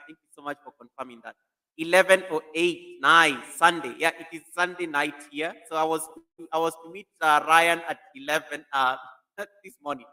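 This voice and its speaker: A man's voice: on the high side, brisk, sharp tone. A man hosting a casual live stream, animatedly greeting viewers by name while testing a new computer mic in an echoey room.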